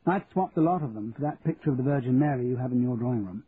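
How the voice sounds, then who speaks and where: A man's voice: mid-range voice, expressive, fast, natural voice. A man voicing a witty, upper-class English lady who teases her guests in a posh drawl. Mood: teasing. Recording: tinny, phone-like audio, faint hiss.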